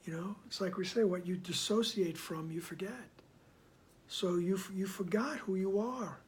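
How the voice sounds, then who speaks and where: A man giving reflective commentary on a spiritual text. He speaks softly, often slips into a whisper, and keeps checking in with "right?". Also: high voice. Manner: soft-spoken, often dropping to a whisper; unhurried, checks in with "right?" after each point. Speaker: spiritual study reader and commentator.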